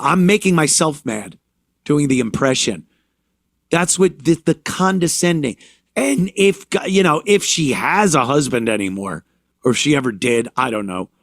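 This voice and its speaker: A man's voice: mid-range voice, creaky, dry recording, clean studio sound. A man hosting a talk show, ranting sarcastically with mocking, profane commentary. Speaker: show host.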